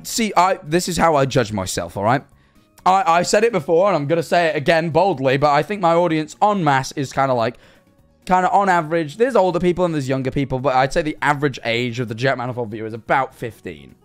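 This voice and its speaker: A young man with an English accent, chatting on a livestream, swearing and bursting into incredulous shouts as he reacts to viewer messages. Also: a little high, animated, fairly quick, soft background music. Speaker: streamer.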